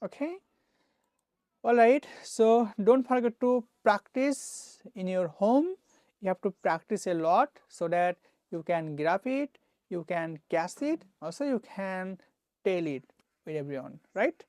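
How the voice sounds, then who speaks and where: A woman with a Bangladeshi accent teaching English vocabulary, repeating each word slowly for learners to copy. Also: mid-range voice, animated, a little mellow, no room sound, studio quality.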